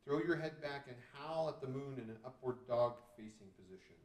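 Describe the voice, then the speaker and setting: Brisk and a little mellow at medium pitch, a father reads a storybook to children while trying out the poses. He groans and jokes goofily in a playful mix of story and exercise. The recording is made from a distance, with roomy echo and his voice somewhat off-mic.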